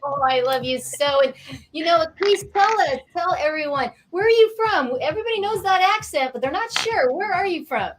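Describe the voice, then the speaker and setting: A woman's voice: very high-pitched, expressive, moderate pace, noisy background. A woman hosting an online interview show, effusive and gushing toward her guests. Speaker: show host. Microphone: video call.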